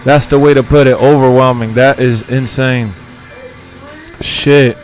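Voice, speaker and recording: A man hosting a live-stream watch party, reacting in an excitable, profane way and calling his viewers bro and dog. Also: medium pitch, measured pace, soft background music, poor audio. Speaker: streamer host.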